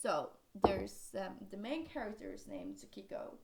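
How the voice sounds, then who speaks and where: Young Norwegian-accented woman, rambling book vlog, gravelly low-energy tone, echoey room. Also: expressive, moderate pace, very noisy. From Norway. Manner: rambling, sidetracks often, many fillers. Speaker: book vlogger. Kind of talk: casual chat.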